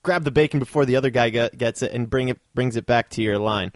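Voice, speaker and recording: A man's voice: medium pitch, fast, dry recording. A man co-hosting a podcast, chatting casually with dry, sarcastic humor. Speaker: podcast co-host. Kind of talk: casual chat.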